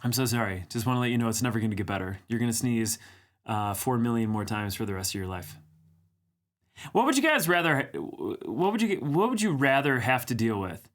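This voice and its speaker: A man's voice: medium pitch, big pitch swings, brisk, a bit bright. Chatty man hosting a livestream. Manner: chatty, reads viewer comments aloud, teasing. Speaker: livestream host. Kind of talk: casual live-chat banter.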